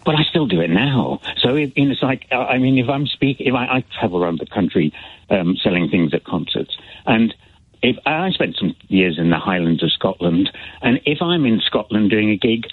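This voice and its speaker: A man's voice: fairly low pitch, expressive, moderate pace, slightly rough. A male caller with a slight Belfast accent, talking hesitantly with many fillers and restarts. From Northern Ireland. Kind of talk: phone-in chat. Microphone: telephone. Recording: tinny phone line.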